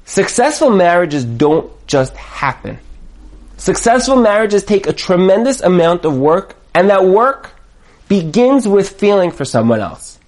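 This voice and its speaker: A man teaching a lively Torah class, repeating his points for emphasis and sprinkling in Hebrew and Yiddish words. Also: high-pitched, unhurried. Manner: lively, acts out quoted voices, emphatic repetition. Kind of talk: animated Torah class lecture.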